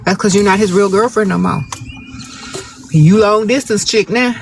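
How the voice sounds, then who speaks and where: High-pitched guy on a phone livestream, blunt sassy advice, faint hum behind. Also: moderate pace, vocal fry. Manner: blunt, sassy, no-nonsense, talks straight to viewers. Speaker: advice-giving livestream host. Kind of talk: casual live advice chat reading viewer questions. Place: outdoors, birds nearby.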